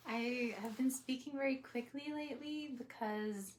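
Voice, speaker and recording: A young woman talking to camera in a reflective, casual vlog, soft and hesitant with many pauses and small laughs. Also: a little high, a little hiss or hum. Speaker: vlogger.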